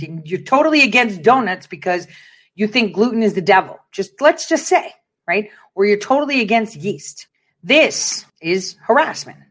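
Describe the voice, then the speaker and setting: A woman with a medium-pitched, fairly bright voice hosts an online commentary show, offering casual political commentary in an emphatic, preachy style and repeating phrases for effect.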